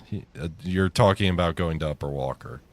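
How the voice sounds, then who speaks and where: A man with a very deep voice chats casually during a game session. He teases his co-player with dry humor and keeps his delivery relaxed. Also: a little fast. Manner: dry, teasing. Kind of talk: casual gameplay chat.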